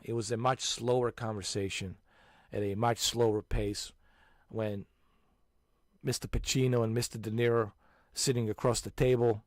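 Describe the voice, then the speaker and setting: A man in his forties chatting casually as a channel host, animated and emphatic, restarting his sentences often. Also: mid-range voice, normal speed, no room sound, studio quality. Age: 40s. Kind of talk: casual chat.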